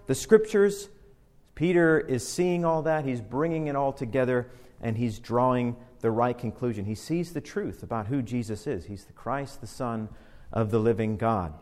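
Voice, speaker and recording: Pastor, male, fairly high voice, emphatic sermon delivery, long hall reverb. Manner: emphatic, swings between loud declarations and quiet low phrases.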